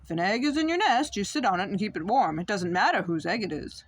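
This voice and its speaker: A woman doing a calm, steady father bird. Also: mid-range voice, fast talker, breathy edge, no room sound. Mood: reassuring. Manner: matter-of-fact, reassuring. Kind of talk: picture book read-aloud.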